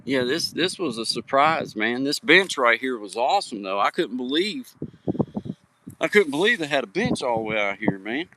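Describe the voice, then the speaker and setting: A man's voice: mid-range voice, very animated, normal speed, noisy background. Folksy man streaming outdoors. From Virginia. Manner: folksy, chatty, greets viewers by name. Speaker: livestream host. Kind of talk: casual live-stream chat. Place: outdoors on a hiking trail at sunset. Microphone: phone held for a live stream.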